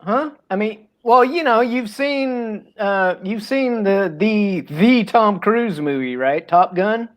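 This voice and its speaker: A man's voice: high-pitched, animated, slow pace, hardly any pauses. A man co-hosting a casual chat, joking and hesitant, swearing casually while eating popcorn.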